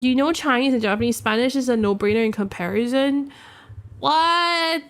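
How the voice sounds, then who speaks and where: A woman's voice: a little high, fast talker. A woman streamer chatting casually, a little tipsy, rambling and reacting to her chat.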